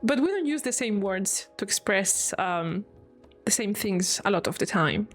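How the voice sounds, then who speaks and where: A woman's voice: mid-range voice, animated, measured pace, faint music behind. A woman from Spain with a Spanish accent, chatting casually on a live stream, laughing often and explaining things with examples.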